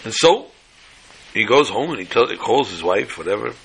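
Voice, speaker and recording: A man with a gravelly, rough-edged voice tells stories in a casual, folksy way. His tone is bright and forceful, and he drops Yiddish and Hebrew phrases as he acts out each character's lines. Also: lowish voice, big pitch swings, low-quality recording. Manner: acts out dialogue with quick quoted voices. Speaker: storyteller. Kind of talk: casual storytelling talk.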